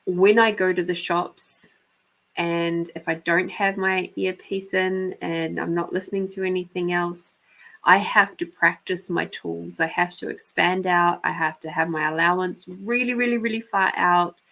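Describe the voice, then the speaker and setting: A woman's voice: fairly low pitch, steady tone, unhurried, gravelly, sharp tone. An Australian woman hosting a live intuitive reading show, telling stories in a chatty way with frequent laughter and a casual swear now and then. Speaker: host and intuitive reader. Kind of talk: live psychic reading and storytelling.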